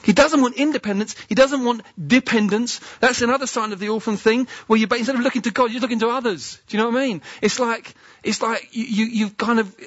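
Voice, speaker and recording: Husky, chatty male preacher. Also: extremely high pitch, fairly even intonation, quick pace, hardly any pauses, a bit bright, no echo, dull audio. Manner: chatty, asks the listeners questions. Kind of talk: conversational sermon.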